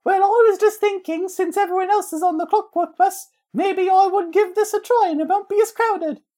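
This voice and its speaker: A man voicing a precocious little boy mouse with a squeaky, old-fashioned orphan-like voice, pitched far above his own. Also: steady tone, fairly quick, mellow. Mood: eager.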